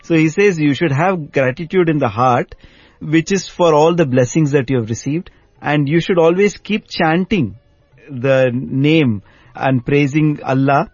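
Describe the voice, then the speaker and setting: Casting: man, mid-pitched voice, measured and thoughtful, dry muffled recording. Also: a little mellow, slightly rough, no room sound. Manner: measured, thoughtful, frequent murmured agreement. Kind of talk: reflective conversation.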